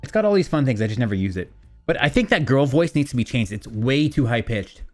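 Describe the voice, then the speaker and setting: A man's voice: medium pitch, expressive, fast, a little mellow, faint music behind. A young man streaming, chatting casually in a rambling, profane, self-mocking way while fiddling with his mixer. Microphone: desk mic through a streaming mixer.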